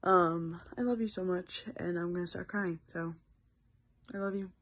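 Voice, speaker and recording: A young woman recording a heartfelt video message on her phone, halting and earnest with many pauses. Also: fairly low pitch, a bit bright. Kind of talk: self-filmed video message. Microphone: phone held by speaker.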